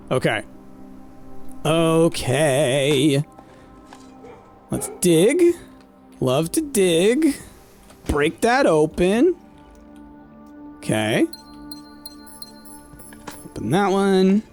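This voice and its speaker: Lively chatty man streaming a game. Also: on the high side. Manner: chatty, thinking aloud with many fillers, talking to chat. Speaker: gameplay streamer. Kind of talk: casual let's-play commentary.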